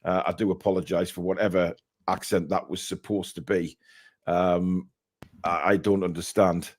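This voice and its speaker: A man's voice: sits low, little pitch movement, moderate pace. A man hosting a casual live stream, reading out viewer messages and giving blunt opinions.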